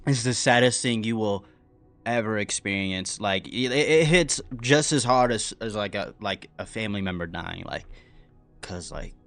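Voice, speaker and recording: A man reacting to a stream in casual commentary, rambling with many fillers and slang, dropping quiet and then bursting out loud. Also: on the low side, normal speed, faint music behind.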